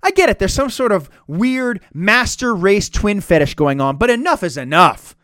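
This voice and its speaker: A man's voice: high voice, animated, normal speed, fairly bright tone, no echo, studio quality. A man hosting a comedic podcast, talking in a sarcastic, profane, ranting way. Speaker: podcast host.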